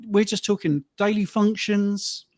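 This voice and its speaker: A man's voice: high voice, steady tone, measured pace, no echo. A man, a fitness coach co-hosting a live stream, chatting casually and telling stories about his clients. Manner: storytelling, acts out quoted voices.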